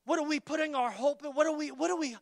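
A man preaching a sermon in an emphatic, repetitive call-and-response style, building to loud peaks and dropping to quiet asides. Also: very high-pitched, fast talker, vocal fry, no room sound, clean studio sound.

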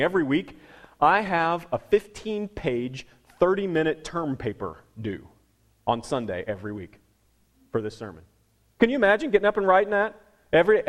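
Preaching a sermon, a middle-aged man who is a pastor tells stories in a fairly high-pitched voice, dramatically shifting between loud passages and hushed ones.

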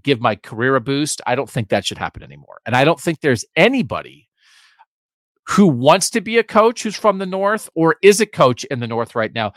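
Animated, lively sports talker. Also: male voice, mid-range voice, dry recording, studio quality. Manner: animated, emphatic, sarcastic asides. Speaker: sports podcast co-host. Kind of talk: opinionated sports talk.

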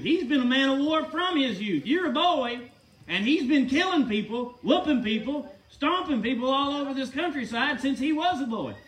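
A man's voice: extremely high pitch, fairly bright tone, reverberant, distant mic. A man preaching a sermon in an emphatic, folksy way, often asking the listeners rhetorical questions.

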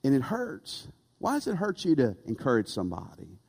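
A man preaching a sermon, animated and rhetorical, asking the congregation for amens. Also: mid-range voice, brisk, creaky, breathy edge. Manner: animated, rhetorical, calls for amen. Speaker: pastor. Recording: long reverb of a church hall.

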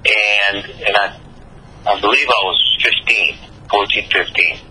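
A middle-aged man, a rock singer, telling his story in a rambling, halting way full of fillers. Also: fairly low pitch, steady tone, bright, forceful tone, a little hiss or hum, poor audio. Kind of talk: casual storytelling interview.

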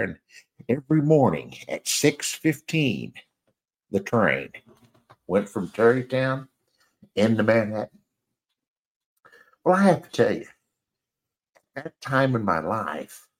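Male storyteller, deep and animated, rambling and self-mocking in casual anecdote. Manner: rambling, chuckling, self-deprecating.

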